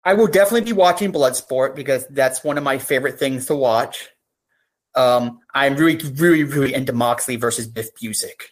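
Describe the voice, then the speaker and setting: A woman's voice: extremely low pitch, fairly quick. A woman speaking as a guest on a podcast in casual chat, with an earnest, heartfelt way of talking things through. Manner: earnest, heartfelt, talks through ideas at length.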